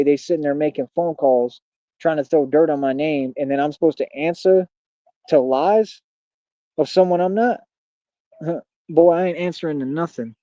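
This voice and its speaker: Young man, fairly high voice, defiant livestream rant, street slang, dull lo-fi audio, dry sound. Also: mellow, no room sound. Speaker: streamer.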